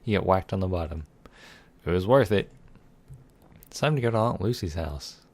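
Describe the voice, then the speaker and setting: A man's voice: sits low, expressive, moderate pace, darkish tone, dry recording. A man reading a text game aloud and adding sarcastic, irreverent commentary, swearing freely. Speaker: let's play gamer.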